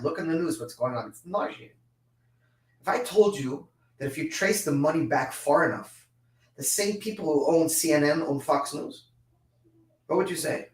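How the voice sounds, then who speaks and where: A man's voice: on the high side, fairly bright tone, reverberant, distant mic, low-quality recording. A man giving an impassioned religious lesson, emphatic and repetitive.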